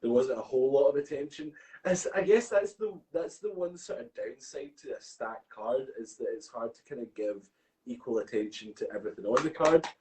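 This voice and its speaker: A man's voice: medium pitch, a little fast, poor audio. Laughing, swearing podcast co-host guy. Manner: animated, laughs often, swears casually. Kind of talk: casual chat.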